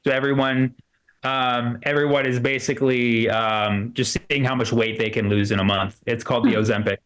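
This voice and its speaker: A man's voice: mid-range voice, steady tone, normal speed, a bit bright. A man doing a loose, rambling stand-up comedy set in a comedy club, full of fillers and restarts.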